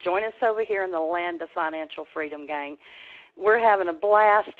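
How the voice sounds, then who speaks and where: A woman's voice: on the low side, moderate pace. A woman hosting a webinar, giving a rousing, preacher-like motivational pep talk. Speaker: webinar host. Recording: tinny phone line.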